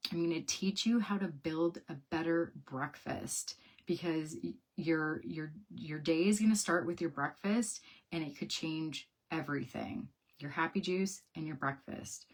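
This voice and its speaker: A young woman talking casually to camera, answering viewer questions about a product in a chatty, upbeat way with quick laughs and repeated words. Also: lowish voice, slightly rough. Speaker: wellness product seller.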